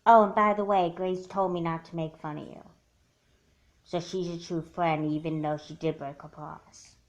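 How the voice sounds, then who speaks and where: A woman's voice: on the low side, fairly even intonation, normal speed, muffled recording, natural voice. A woman voicing a protective older sister in a doll movie, firm and scolding.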